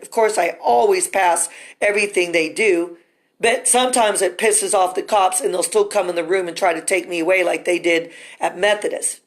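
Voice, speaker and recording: A woman's voice: on the low side, moderate pace. A woman recording a video of herself inside an empty construction building, telling her story in an urgent, distressed, rambling way full of asides. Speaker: vlogger recounting personal ordeal. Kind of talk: rambling emotional monologue to camera.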